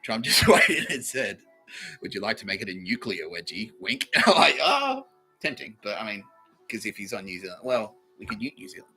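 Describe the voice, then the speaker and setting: A man rants through a comedy podcast, swearing freely and cracking up at his own lines. His voice is bright and jumps all over the place in pitch, with a faint music bed underneath. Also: expressive, brisk, slightly rough, rough recording. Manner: swearing, laughing through his words, bursts of high-pitched giggling. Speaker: podcast host. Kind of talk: rambling comedic rant.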